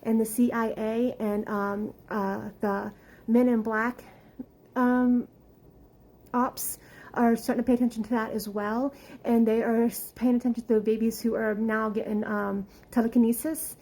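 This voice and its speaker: A woman talks through her spiritual visions in a casual, meandering way, leaning on fillers as she goes. Her voice sits a little high yet sounds mellow and soft. She speaks with heartfelt earnestness and is at times near tears. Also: flat delivery, unhurried, low-quality recording. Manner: rambling, earnest, many fillers; emotional, close to tears at times. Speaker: spiritual channel.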